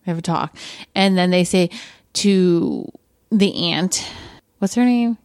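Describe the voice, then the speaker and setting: A woman's voice: lowish voice, takes it slowly, a little mellow, clear, resonant tone, no room sound, clean studio sound. Chatty woman recapping a movie. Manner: playful, chatty, laughs often. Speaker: podcast co-host. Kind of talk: casual movie recap chat.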